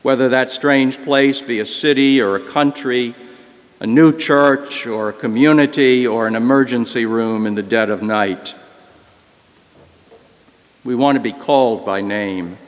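An older male priest preaching from a church, his storytelling slow and unhurried. His mid-range voice rings out with long reverb in the church. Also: medium pitch. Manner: slow, reflective and gentle. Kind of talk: sermon storytelling.

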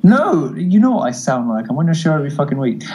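A man's voice: on the high side, sing-song, quick pace, warm tone, poor audio. A man with a posh British accent, a talk-show guest calling in and telling stories in a camp, theatrical way. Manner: camp, theatrical, calls people darling. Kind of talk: casual chat, storytelling.

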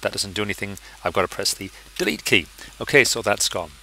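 A man talking through a design software tutorial, thinking aloud in a chatty, self-deprecating way. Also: on the low side, expressive, a little fast, vocal fry, low-quality recording. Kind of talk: screen-recorded software tutorial.

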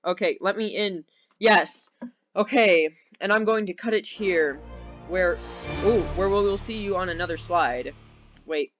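Young man, gameplay commentary, rambling and excitable, high voice, muffled lo-fi audio. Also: unhurried, soft background music. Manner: rambling, giggly, easily excited. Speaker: gaming video host. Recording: dull lo-fi sound.

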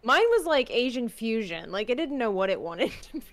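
A woman's voice: on the high side, very animated, normal speed. A woman chatting casually with friends while gaming, playful and jokey, drifting into mumbled asides. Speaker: streamer.

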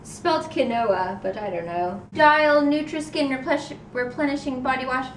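Chatty young woman, high voice. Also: normal speed, background noise. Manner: chatty, upbeat. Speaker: vlogger. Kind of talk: casual chat. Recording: roomy, distant camera mic.

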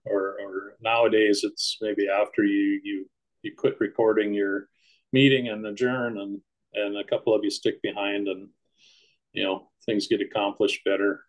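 A man speaks plainly on a panel and restarts his sentences often. His voice is fairly low and stays flat. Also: poor audio. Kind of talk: panel discussion.

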